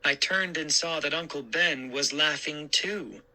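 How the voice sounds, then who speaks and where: A man narrating a spooky story in a measured, dramatic reading. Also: fairly high pitch, bright, forceful tone, poor audio.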